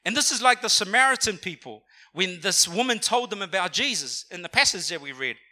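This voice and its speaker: Bright-voiced young preacher. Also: male voice, high-pitched, fairly quick. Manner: energetic, conversational, calls for audience response. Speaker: pastor. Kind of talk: sermon. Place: church auditorium.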